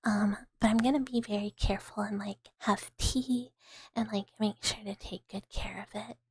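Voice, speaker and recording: A woman from the American South, chatting in a whispered ASMR live stream. She whispers softly and rambles, with many fillers. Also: mid-range voice, fairly even intonation, normal speed, breathy edge. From Southern United States.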